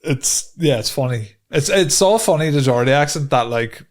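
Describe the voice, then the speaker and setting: A man's voice: mid-range voice, lively intonation, moderate pace. An Irish man co-hosting a podcast in laid-back casual chat, laughing easily and reading out listener questions. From Ireland. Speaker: podcast co-host.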